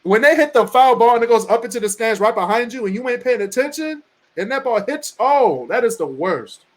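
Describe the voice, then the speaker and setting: A young man from Michigan co-hosting a casual podcast chat, animated and laughing often, acting out the people he quotes. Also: very high voice, fairly quick. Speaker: podcast host.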